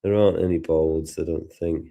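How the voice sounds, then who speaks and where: A man with a Liverpool accent hosting a live software lesson, chatting and thinking aloud as he works. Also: low-pitched, steady tone, normal speed, gravelly. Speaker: tutor and host. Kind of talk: live software tutorial chat.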